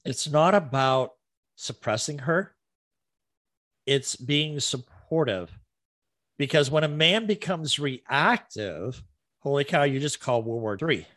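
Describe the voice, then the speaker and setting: A man's voice: medium pitch, expressive, slow pace, a bit bright, dry recording. A man hosting a talk show, giving earnest, instructive advice in conversation.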